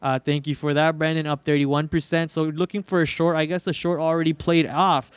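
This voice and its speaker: A young man runs a live trading stream in a casual, joking way, groaning theatrically over his losses. His voice is smooth and sits a little high. The sound is dry and close to the mic. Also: little pitch movement, fairly quick, no room sound. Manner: joking, melodramatic whining about losses. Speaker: trading livestream host.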